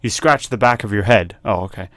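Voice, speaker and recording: A man's voice: fairly low pitch, a little fast, a bit bright, no room sound, clean studio sound. A man hosting a gaming video, reading a horror text game aloud and making jokey asides, often laughing.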